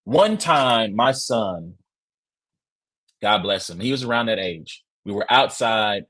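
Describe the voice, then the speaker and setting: A man with a slightly husky voice talks through a sports reaction in a loose, storytelling way. His pitch rises and falls a lot, and he keeps checking in with rhetorical questions. He is casual and excitable. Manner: excitable, acts out quotes with loud shouts; conversational, rhetorical asides like "right?". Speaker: sports podcast host.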